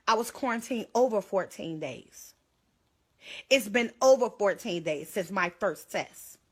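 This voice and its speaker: A woman's voice: mid-range voice, a bit bright, husky. A young woman pleading urgently into her phone on a livestream, holding back tears. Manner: urgent, pleading, tearful at times. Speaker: livestreamer sharing her own illness.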